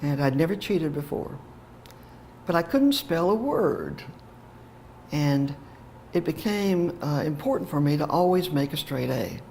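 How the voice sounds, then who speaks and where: Animated, gravelly older woman telling a story. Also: sits low, unhurried, pauses often, slight background noise. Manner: heartfelt, animated, with fillers and laughs. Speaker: teacher educator. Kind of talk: personal storytelling talk.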